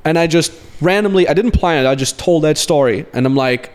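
A man's voice: on the high side, brisk, clean tone. A man in his late twenties, a podcast host and business coach, telling stories in a rambling, profane, self-mocking way. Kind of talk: casual storytelling chat.

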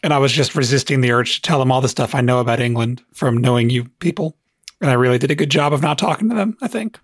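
A man appearing as a guest on a comedy podcast, cracking teasing, deadpan jokes in casual chat. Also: medium pitch, fast talker, no room sound, studio quality.

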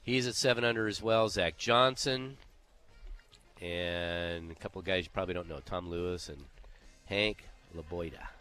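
Deep, bright-toned man chatting golf. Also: normal speed, clean tone, soft background music. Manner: runs down leaderboard, conversational with fillers. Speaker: co-host. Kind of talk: casual golf chat.

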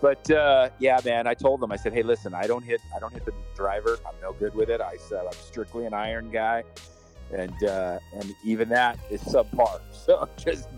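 A man's voice: on the low side, normal speed, a little mellow, faint music behind. A man, a podcast co-host, chatting casually and rambling through a story, acting out the people in it. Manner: rambling storyteller, acts out dialogue. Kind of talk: casual chat.

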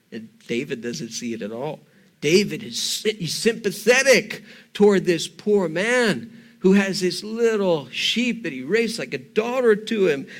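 A man preaching a sermon, retelling a story in an animated, conversational way with rhetorical questions. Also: high voice.

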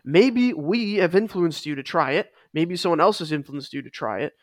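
A man's voice: fairly high pitch, lively intonation, moderate pace, dry recording, clean studio sound. A man co-hosting a casual fitness podcast, talking with emphasis and repeating his key points. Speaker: podcast co-host.

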